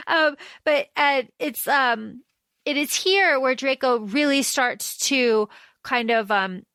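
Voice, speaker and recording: A woman co-hosting a casual fan podcast, talking fast and acting out quoted lines in shifting voices. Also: no echo. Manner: animated, acts out quoted lines in lower or higher voices. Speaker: podcast co-host.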